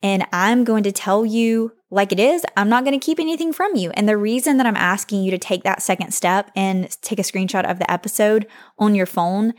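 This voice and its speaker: A woman's voice: mid-range voice, fairly quick. A young woman hosting her own podcast, talking to listeners in an earnest, heartfelt way about faith. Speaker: podcast host. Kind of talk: solo podcast talk.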